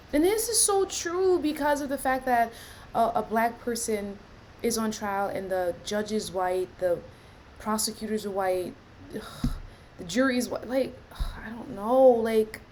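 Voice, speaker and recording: A woman's voice: a little high, lively intonation, unhurried, a little mellow, slight background noise. A woman giving reaction commentary on a clip, exclaiming and sighing. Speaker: video reactor.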